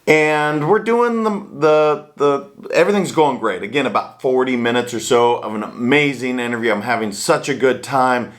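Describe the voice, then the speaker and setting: A man's voice: mid-range voice, normal speed, few pauses. A man hosting a casual chat from a small home studio, upbeat and self-deprecating about his mistakes. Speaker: host.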